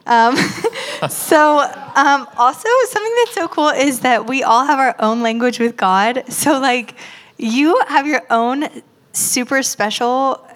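Woman w/ a kinda high voice, bubbly casual chat, lots of ums and likes. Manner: bubbly and chatty, many fillers. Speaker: spiritual mentor.

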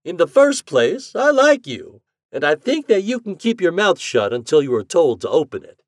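A man reading an audiobook voices a cheerful, eccentric scientist who lectures with drawn-out emphatic stresses. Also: on the high side, sing-song, no echo, studio quality, pitched above the performer's own voice. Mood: earnest. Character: eccentric male scientist, cheerful self-declared mad genius.

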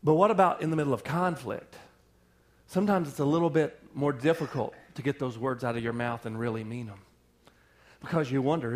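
A male pastor preaches with lively energy in a fairly high voice. He calls out to the congregation for responses and keeps an animated, conversational rhythm. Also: fairly quick. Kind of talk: sermon.

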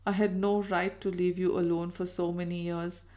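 Gentle colonel husband, kind, coaxing, affectionate, woman reader voicing him. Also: lowish voice, little pitch movement, normal speed, close to an everyday voice.

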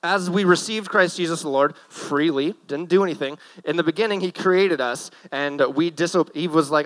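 A man's voice: fairly high pitch, a little fast, hardly any pauses, a bit bright, rough recording. A young man giving a casual, joking sermon from a church stage, with nervous self-deprecating asides. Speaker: guest preacher.

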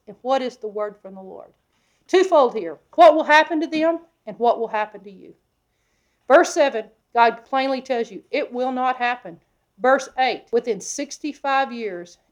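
A woman preacher teaching a sermon from the Bible, emphatic, often asking her listeners questions and moving between loud and hushed delivery. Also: a little high. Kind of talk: expository sermon.

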